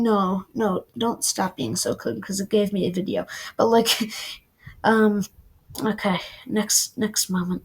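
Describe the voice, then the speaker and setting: A woman's voice: mid-range voice, fairly even intonation, slow, husky, low-quality recording. A young woman casually reviewing a book, rambling and chatty with many fillers.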